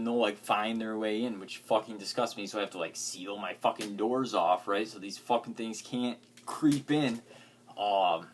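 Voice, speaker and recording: A man's voice: medium pitch, a little hiss or hum. A man vlogging, ranting agitatedly with heavy swearing and lots of filler words. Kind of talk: profane ranting vlog.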